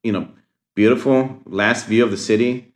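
A man's voice: mid-range voice, moderate pace, echoey room. A man chatting casually on a podcast, rambling and agreeable with lots of fillers. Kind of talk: casual chat.

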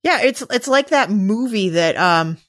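A woman's voice: mid-range voice, expressive, unhurried, fairly bright tone, no room sound, clean studio sound. A woman co-hosting a casual fan discussion podcast, easygoing and wry. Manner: easygoing, wry, full of comparisons. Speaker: podcast co-host.

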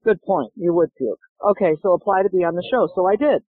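A woman's voice: lowish voice, fast talker, slightly rough, dry recording. A middle-aged woman, a golf instructor, telling stories in an interview and acting out the dialogue. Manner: animated, acts out dialogue in stories. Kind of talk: interview storytelling. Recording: dry tinny phone-like line.

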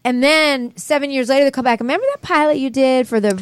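A woman guest with a slightly high voice tells stories in a casual chat. She acts out the quoted exchanges with animation. Her voice sounds dry and close, with no room around it. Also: fast, smooth, no room sound. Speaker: voice actress guest.

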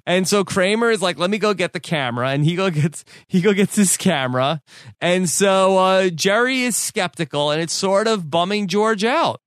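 A man's voice: sits high, animated, normal speed, fairly bright tone, dry recording, studio quality. Casual man recapping a sitcom episode. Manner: recaps scenes with frequent "like" and quoted lines. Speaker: podcast co-host. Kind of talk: casual chat.

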